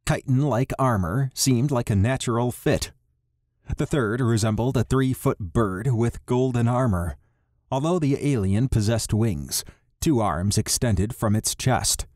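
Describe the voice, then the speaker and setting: A man reading an audiobook in an even, measured narration. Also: medium pitch, no echo, clean studio sound. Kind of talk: scripted narration.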